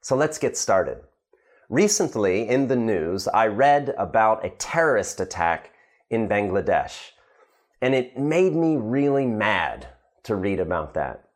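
An American man teaching English vocabulary in a relaxed, explanatory way, with small fillers. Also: fairly low pitch, unhurried. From United States.

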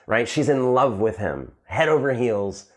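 A man's voice: mid-range voice, animated, a little slow. Man teaching slang, repeating "right?". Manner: repeats "right?", acts out example lines. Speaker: English teacher. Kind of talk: slang lesson to camera.

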